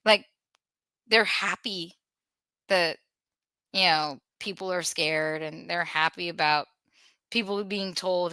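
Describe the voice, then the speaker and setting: A woman's voice: medium pitch, unhurried, bright, forceful tone, clear, resonant tone, no room sound. A woman hosting a podcast in casual talk, earnest, with nervous laughs and frequent restarts. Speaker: podcast host.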